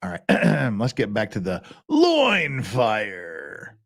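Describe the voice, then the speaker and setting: A man's voice: on the low side, big pitch swings, moderate pace, gravelly, breathy edge. A man hosting a livestream, reading a passage aloud in a mock-dramatic way, breaking into whispers and cracking up laughing. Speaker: legal commentary livestream host.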